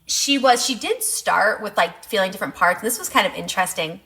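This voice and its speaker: A woman co-hosting a podcast, telling a story in animated casual chat, full of fillers and quoted back-and-forth. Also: medium pitch, a little fast. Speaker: podcast co-host.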